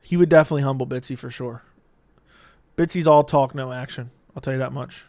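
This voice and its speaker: A man's voice: mid-range voice, fairly even intonation, a little fast, dark tone, dry recording. A man hosting a live MMA stream, reading viewer messages and joking with his chat, laughing often. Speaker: MMA livestream host. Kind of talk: casual livestream chat reading viewer comments.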